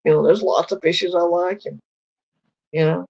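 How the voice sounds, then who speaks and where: A man's voice: high-pitched, steady tone, moderate pace, creaky, darkish tone, breathy edge. A middle-aged man from Louisiana with a Southern accent, chatting casually on a livestream with many fillers and a drawl. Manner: rambling, drawling, heavy on fillers. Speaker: livestream co-host. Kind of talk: casual chat. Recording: lo-fi livestream audio.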